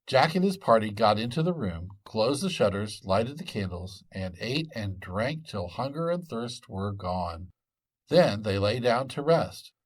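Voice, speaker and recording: A man narrating a folk tale in an expressive storytelling manner. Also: fairly low pitch, unhurried. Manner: expressive and lively.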